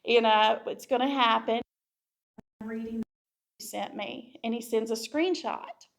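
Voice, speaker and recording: Woman, church testimony, storytelling, voices the people in her story, slightly high voice. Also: unhurried, creaky. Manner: heartfelt storytelling, acting out what people said. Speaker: church member sharing a testimony. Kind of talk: personal testimony to a congregation.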